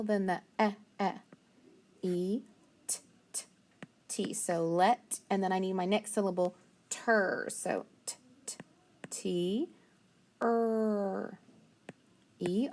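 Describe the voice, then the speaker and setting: Slow, patient woman teaching spelling. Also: mid-range voice. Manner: slow, patient, sounding out letters. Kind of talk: phonics and spelling lesson.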